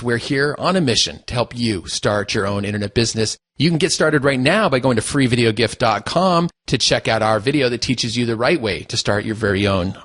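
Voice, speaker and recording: A man co-hosting a podcast in casual chat, chatty and quick to laugh. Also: mid-range voice, fairly bright tone, no echo. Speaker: podcast co-host.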